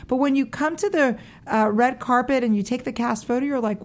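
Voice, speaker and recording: A woman's voice: high voice, brisk, hardly any pauses. A woman guest chatting about her acting work, talking in a loose, chatty way with frequent laughs. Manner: chatty, laughs often, says "like" a lot. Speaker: actress guest. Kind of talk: casual interview chat.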